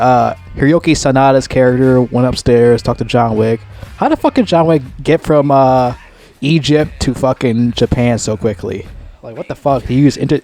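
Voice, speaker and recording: A man giving a casual, unscripted movie review, swearing constantly and rambling excitedly. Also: mid-range voice.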